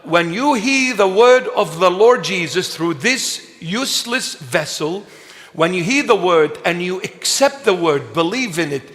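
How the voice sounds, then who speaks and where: A man preaching a sermon as a bishop, emphatic and slow, with playful asides to the congregation. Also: high voice, fairly bright tone. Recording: long reverb of a large hall.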